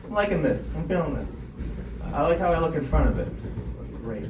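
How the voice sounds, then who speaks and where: Man doing stand-up, high lively voice, swooping pitch, echoey club room, heard from a little off-mic. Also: a little fast, distant mic, noisy background. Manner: animated, self-deprecating storytelling with acted quotes. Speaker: stand-up comedian hosting the show. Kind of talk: stand-up comedy set. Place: comedy club stage.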